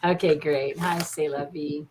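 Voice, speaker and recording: A woman's voice: low-pitched, fairly even intonation, a little slow, noisy background. A woman reading tarot cards as a guest on a livestream, chatty and upbeat, often tagging lines with "right?". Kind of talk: casual card reading on a livestream.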